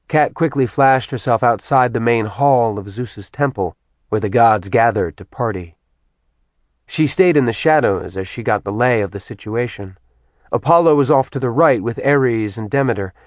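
A man reading a fantasy audiobook as narrator, in a steady storytelling manner. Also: lowish voice, moderate pace, no room sound.

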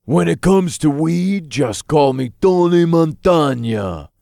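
Rich: A man puts on a tiny male imp with a high, squeaky voice that swoops around. He talks loud, brash and bossy, an excitable little hustler. The sound is dry and close. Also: slow, creaky, no room sound, full character voice. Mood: boastful.

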